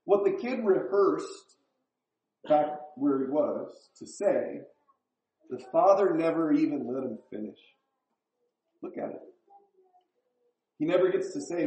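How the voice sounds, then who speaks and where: Man, pastor, conversational sermon, rhetorical questions, warm mellow tone, roomy echo. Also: fairly high pitch, lively intonation, slow, pauses often. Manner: conversational, asks the congregation questions. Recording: echoey room.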